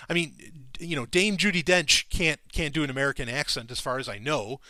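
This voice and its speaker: A man hosting a podcast, talking in a casual monologue, excitable and profane, his voice leaping up when he gets enthused. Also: on the high side, moderate pace, no echo. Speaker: podcast host.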